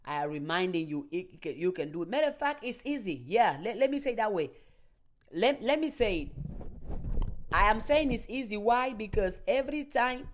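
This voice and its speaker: A woman delivering a motivational monologue, slow and deliberate, repeating and building her phrases with emphasis. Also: mid-range voice, lively intonation, darkish tone. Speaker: motivational speaker.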